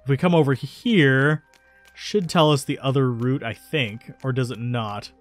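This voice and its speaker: A man's voice: mid-range voice, a little slow. A man hosting a let's play, commenting casually on the game and correcting himself as he goes. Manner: chatty, self-correcting. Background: faint game music.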